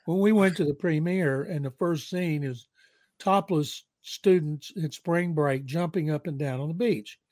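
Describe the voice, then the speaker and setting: An older man with a Southern accent and a slightly high-set voice tells stories in a loose, rambling way. He gives his football takes bluntly. The sound is close and dry. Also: measured pace, a little mellow, no room sound. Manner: rambling anecdotal, blunt opinions. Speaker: veteran NFL writer, guest. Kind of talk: casual storytelling and football analysis.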